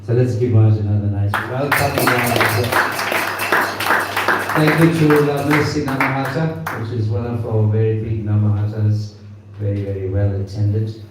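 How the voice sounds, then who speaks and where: A man's voice: fairly low pitch, steady tone, normal speed, loud music behind the voice. A man hosting a gathering, introducing a guest speaker with many fillers and inviting people to sit closer. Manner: warm-up with fillers, coaxing the crowd forward. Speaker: event host introducing the guest. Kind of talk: formal introduction at a temple gathering. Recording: echoey hall, voice far from the mic.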